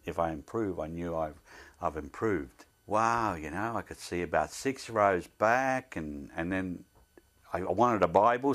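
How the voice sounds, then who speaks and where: Older man, deep voice, earnest plain-spoken storyteller of faith. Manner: devout, speaks earnestly of faith. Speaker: interviewee. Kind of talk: telling a personal story.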